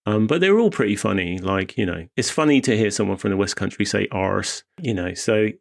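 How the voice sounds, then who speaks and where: Very animated and fast-talking, a young Wiltshire man with a mild accent co-hosts a podcast in casual film chat. His lowish voice has vocal fry, and he rambles, keeps cutting himself off, and laughs a lot. He is from Wiltshire, England.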